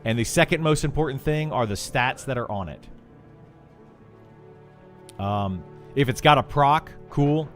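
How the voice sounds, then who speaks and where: A man's voice: mid-range voice, measured pace, long pauses, fairly bright tone, soft background music. Rambling, chatty man streaming a game. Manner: rambling, chatty, with many fillers and restarts. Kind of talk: casual chat while streaming.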